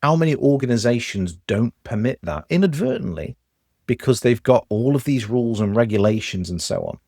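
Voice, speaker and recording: A man with a Stoke Midlands accent, a podcast guest telling lively examples in casual conversation. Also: mid-range voice, a little fast, gravelly, dry recording, clean studio sound. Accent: Stoke, English Midlands.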